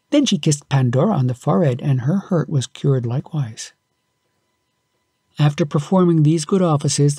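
A man reading a storybook aloud in a calm, measured way. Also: a little high, vocal fry, breathy edge, no echo.

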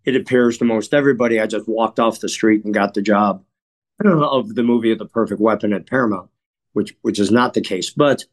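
A man from Chicago, a guest in an interview, telling stories in a measured, earnest way and often clearing his throat. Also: lowish voice. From Chicago, USA. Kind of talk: reflective interview storytelling.

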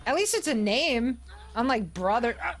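High, excitable woman streamer. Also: normal speed, faint music behind. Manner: excitable, swearing, shrieks and laughs. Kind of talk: casual gameplay commentary.

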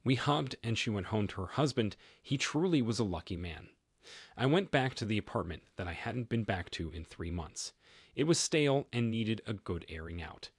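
A man's voice: on the low side, expressive, moderate pace, breathy edge, no room sound, clean studio sound. A man narrating a first-person story in a plain, matter-of-fact way.

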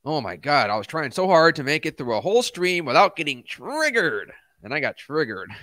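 A young man with a high, bright, forceful voice hosts a crypto livestream, very animated and talking a little fast. Though laid-back and calling viewers man and dude, he swears and flares into ranting outbursts. No echo on the recording.

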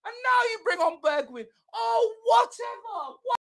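High-pitched, shouting woman fan. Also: measured pace, gravelly. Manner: excitable, swearing, shouting reactions. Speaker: football fan streamer. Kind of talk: live match watchalong reaction.

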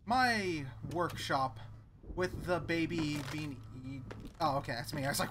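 A man's voice: fairly high pitch, unhurried, background noise. A man playing a horror video game and commenting on it, sarcastic and jumpy, talking back to what he sees on screen. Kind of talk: let's play commentary. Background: game music.

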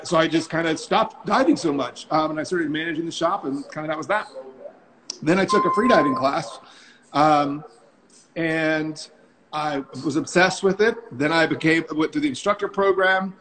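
A man's voice: on the high side, low-quality recording. A man in his forties, a diving instructor telling stories in a casual, chatty way on a video call, often ending sentences with "right?". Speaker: freediving instructor and guest. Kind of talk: casual storytelling on a live stream. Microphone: phone or computer mic on a video call.

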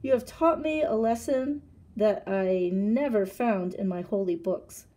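A woman voicing a gentle, learned holy man who speaks in formal, dignified phrases. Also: medium pitch, measured pace, close to an everyday voice.

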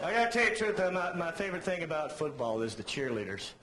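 A man telling an animated stand-up story on stage, acting out other people in big voices. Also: on the high side, fast talker, very noisy. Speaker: stand-up comedian. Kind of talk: stand-up comedy set. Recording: live club recording, roomy, loud crowd. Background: audience laughter.

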